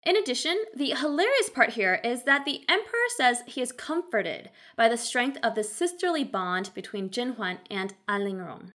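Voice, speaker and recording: A woman's voice: fairly high pitch, sing-song, normal speed, hardly any pauses, fairly bright tone. A woman recapping a historical drama episode in a casual narrated style, with wry, sarcastic asides.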